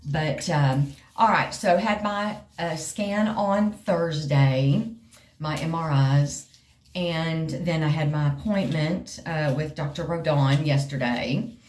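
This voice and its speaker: A woman's voice: low-pitched, takes it slowly, darkish tone. A middle-aged woman, chatting casually to camera, rambling and calling her viewers y'all. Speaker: vlogger sharing a health update.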